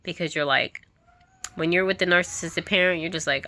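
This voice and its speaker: A woman's voice: on the low side, a little fast, bright, forceful tone. A woman vlogger giving an emphatic, candid monologue to camera. She often repeats herself and laughs now and then.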